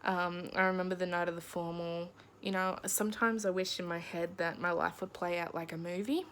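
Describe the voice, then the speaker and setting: A young woman telling a personal story in a diary vlog, speaking in a halting, emotional way with pauses, close to tears. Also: on the low side, fairly even intonation, fairly bright tone, slight background noise. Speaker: vlogger.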